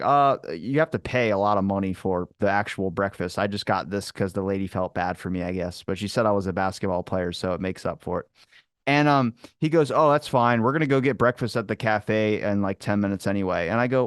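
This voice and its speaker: A man telling a long story in casual chat, animated, swearing and acting out what people said. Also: fairly low pitch, dry recording, clean studio sound. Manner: animated, swearing, acts out quotes. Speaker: podcast guest.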